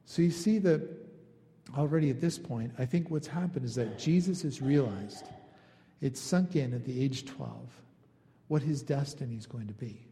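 A man's voice: medium pitch, normal speed, dark tone, big-room sound. A man preaching a sermon in a casual, conversational way, now and then acting out the people he quotes. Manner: conversational, acts out quoted lines. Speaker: pastor.

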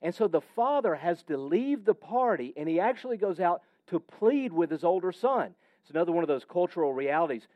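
A man's voice: high-pitched, expressive, fairly quick, few pauses, dry recording, dull audio. A man preaching a sermon with emphatic, varied delivery that sometimes drops almost to a whisper. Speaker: pastor.

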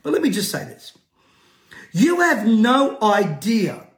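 A man, preaching to camera in a combative, forceful way, rising to shouts and breaking into jovial laughs. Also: very high voice. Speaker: pastor. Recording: roomy echo.

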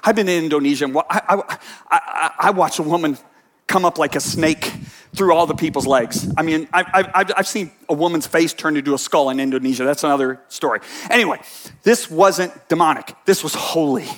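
A man preaching a sermon, telling a story quietly and then breaking into loud, passionate bursts. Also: on the high side, a little fast. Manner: swings from hushed storytelling to shouted passionate bursts.

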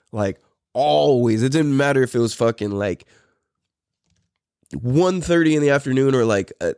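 A man's voice: on the high side, darkish tone, no echo, clean studio sound. A man in his thirties hosting a podcast, telling a story in a rambling, profane way with many fillers. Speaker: podcast host. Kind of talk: casual storytelling.

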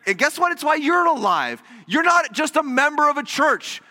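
A pastor with a very high-pitched voice preaches at a moderate pace in a church sanctuary with the sound of a large hall. He brings his stories to life animatedly, performing the quoted lines.

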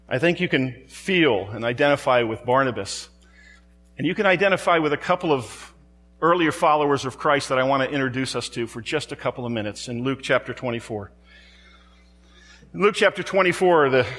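A man's voice: medium pitch, a bit bright. Dramatic preacher man in a reverberant church. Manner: dramatic, rhetorical questions and repetition. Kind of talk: sermon.

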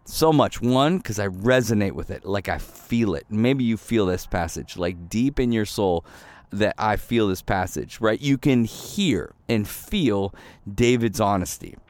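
A man's voice: on the low side, expressive, measured pace, a little mellow, dry recording. A man in his thirties preaching a casual, candid sermon, full of fillers and little acted-out quotes. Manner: conversational and candid, many fillers, acts out little quoted voices. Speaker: pastor.

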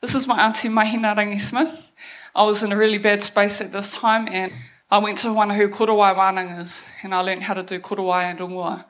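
A woman's voice: mid-range voice, flat delivery, a little fast. A young woman with a New Zealand accent telling her life story on an event stage, blunt and swearing freely, laughing now and then. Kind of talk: candid personal story talk.

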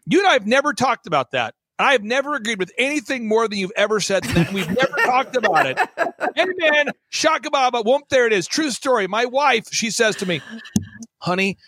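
A man hosting a talk show, telling stories with lots of energy, emphatic and swinging between loud exclamations and low mocking impressions. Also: big pitch swings, brisk, dry recording. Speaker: podcast host. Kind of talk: animated storytelling chat.

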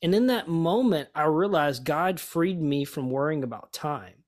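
A man, a pastor and author, telling stories as a guest in an interview, lively and often repeating words as he thinks. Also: fairly high pitch, normal speed. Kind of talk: conversational storytelling.

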